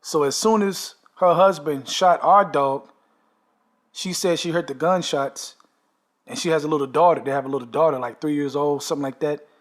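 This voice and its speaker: A man recounts a dream in a long, casual monologue, speaking emphatically and often ending sentences with "man" and "okay." His voice is a little high and steady, at a normal speed.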